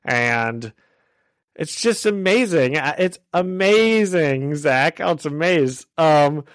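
A young man co-hosting a podcast, recapping a show in an excited, rambling way full of "like". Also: a little high, slow, dry recording. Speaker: podcast co-host. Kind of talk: casual chat.

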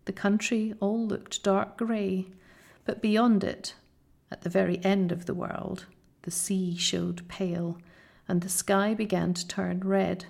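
Slow, gravelly-voiced woman storyteller. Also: medium pitch. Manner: slow, soft storytelling, often near a whisper. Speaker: narrator. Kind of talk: audiobook reading.

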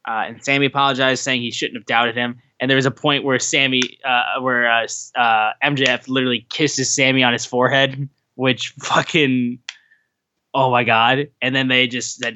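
A man's voice: medium pitch, normal speed, highs cut off. A man co-hosting a wrestling podcast, recapping a show casually and acting out quotes. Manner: animated retelling, acts out quotes. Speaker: podcast co-host.

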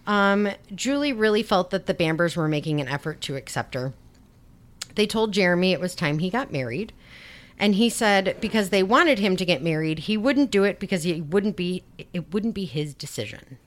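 A woman's voice: lowish voice, animated, moderate pace. A woman hosting a podcast, recounting a true-crime case in a chatty way with sarcastic, sweary asides. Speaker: podcast host. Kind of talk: casual true-crime storytelling.

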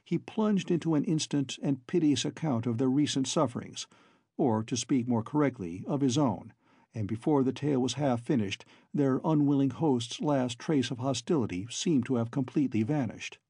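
Husky, mellow male audiobook narrator. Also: medium pitch, expressive, normal speed, dry recording, clean studio sound. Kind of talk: scripted narration.

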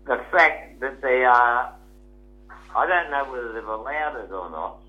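An Australian man's voice comes in over a thin, tinny phone line. He chats in a halting way and often stops to find his words. His pitch sits in the middle of the range. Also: expressive. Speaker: caller. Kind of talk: casual phone chat.

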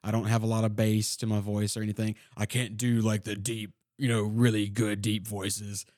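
A soft-spoken man co-hosting a podcast about tabletop games, chatting casually. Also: on the low side, flat delivery, moderate pace, no room sound, clean studio sound. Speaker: podcast co-host, game master. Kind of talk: casual chat.

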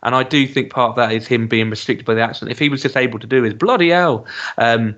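Chatty podcast co-host, full of ums. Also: male voice, medium pitch, fast talker, highs cut off. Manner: chatty, hesitant with many ums, animated when joking. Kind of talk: casual chat reviewing a TV episode.

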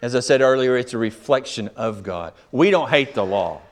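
Reading out scripture and then unpacking it, a male pastor delivers an emphatic sermon. His mid-range voice is expressive and moves at a normal speed, swelling and dropping in volume.

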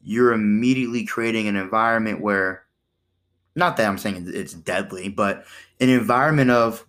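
A man's voice: fairly low pitch, a little fast. A man hosting a casual podcast monologue in a conversational way, often asking "right?" and acting out the exchanges he describes. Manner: animated, acts out quoted exchanges in shifting voices; conversational, with repeated "right?" and "you know". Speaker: podcast host.

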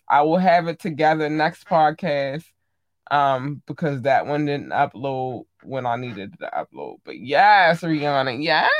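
Animated woman podcast host. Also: no echo, clean studio sound. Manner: animated, squealing high on greetings to listeners. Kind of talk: casual solo podcast chat.

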